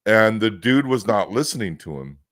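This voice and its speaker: A chatty host with a West Coast American accent, talking in a lowish voice. He tells stories in a loose, rambling way with frequent restarts. The sound is dry and close. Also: big pitch swings, normal speed, fairly bright tone, no echo. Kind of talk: casual podcast chat.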